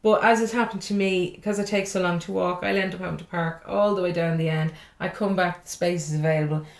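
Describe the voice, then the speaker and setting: A woman's voice: fairly low pitch, steady tone, a little fast, gravelly. A woman with an Irish accent, a comedian guest chatting casually, blunt and full of swearing and laughing asides. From Ireland. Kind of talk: casual chat. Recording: roomy echo.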